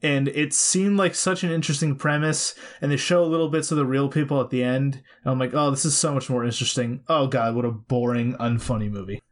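A man in a relaxed movie podcast chat, talking in an animated way. He exclaims freely and groans now and then. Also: medium pitch, brisk, hardly any pauses.

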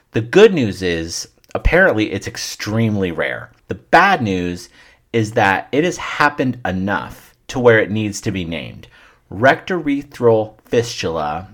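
A man's voice: on the low side, fairly bright tone. A man hosting his own comedy podcast, telling crude, irreverent stories in a wry, offhand monologue. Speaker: podcast host.

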